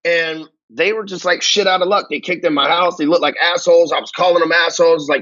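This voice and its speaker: A man's voice: fairly high pitch, fairly even intonation, brisk, hardly any pauses, bright, forceful tone, highs cut off. A man from North Texas, telling his own story in a blunt, angry, profane monologue as a sales coach. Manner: blunt, angry, swears constantly.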